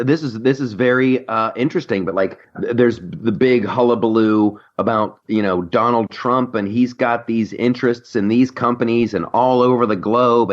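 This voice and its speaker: A man hosting a podcast, chatting casually about politics in a joking, animated way. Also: mid-range voice. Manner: joking, animated, mimics others. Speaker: podcast host. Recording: slightly dull lo-fi sound.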